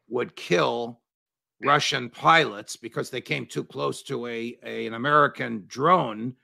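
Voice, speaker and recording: A man hosting an interview, asking measured questions with hesitant fillers. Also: medium pitch, creaky, sharp tone, no echo. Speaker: host.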